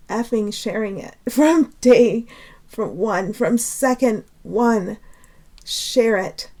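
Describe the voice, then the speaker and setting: A woman's voice: on the high side, extremely slow. A woman giving an unscripted spiritual talk, emotional and earnest, laughing often between phrases as she teaches. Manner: pleading, then calming herself down.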